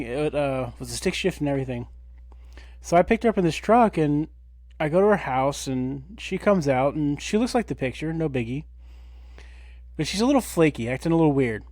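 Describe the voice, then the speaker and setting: A man in his thirties, a podcast co-host, telling a story in a casual, animated way, swearing and acting out quotes. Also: a little high, no echo. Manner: animated, profane, acts out quotes.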